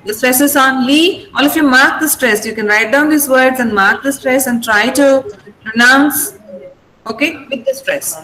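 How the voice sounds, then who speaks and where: A woman's voice: sits high, normal speed, a crowd in the background, low-quality recording. A woman with an Indian English accent teaching an online vocabulary class, patiently drilling word stress. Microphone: video call.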